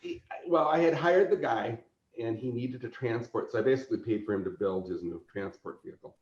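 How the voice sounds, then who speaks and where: A man telling convention stories in casual chat, lively and laughing, acting out quotes. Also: medium pitch, fairly quick. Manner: animated, laughing, acts out quoted voices. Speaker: convention organizer, podcast guest. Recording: roomy, dull lo-fi sound.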